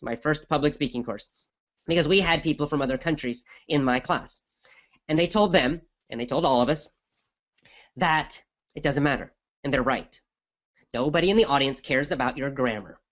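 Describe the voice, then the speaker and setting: A middle-aged man, an English teacher, answers listener questions on his podcast in an energetic, emphatic, conversational way. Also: a little high.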